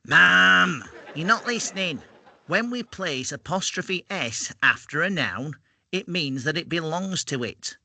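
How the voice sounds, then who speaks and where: A man's voice: a little high, animated, unhurried, bright, forceful tone, a little hiss or hum, heavily acted. A man playing a schoolchild who patiently explains a school lesson to his mum. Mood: explaining. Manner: patient, then exasperated.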